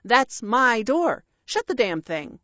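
A woman's voice: fairly high pitch, big pitch swings, a little slow, fairly bright tone, no room sound, dull audio, heavily acted. A woman voicing a rude, foul-mouthed male pet parrot who snaps and bawls orders in an audiobook reading. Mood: shrieking, scolding. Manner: snappish, bawling, cursing.

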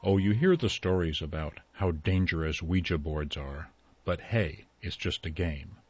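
A man with a very deep, husky voice narrates a ghost story in a hushed, suspenseful way. The recording sounds dull and lo-fi, and faint music plays underneath. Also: no room sound.

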